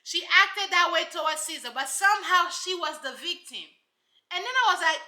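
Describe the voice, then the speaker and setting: Bright, sassy woman reviewing reality TV. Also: extremely high pitch, lively intonation, normal speed, echoey room. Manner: sassy, emphatic, rhetorical asides. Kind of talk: casual commentary.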